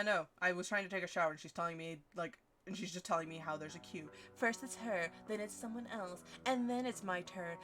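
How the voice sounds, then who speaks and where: A woman in her twenties streaming, telling a story in a casual, animated and profane way. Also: mid-range voice. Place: home streaming setup. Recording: stream audio with music underneath. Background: background music.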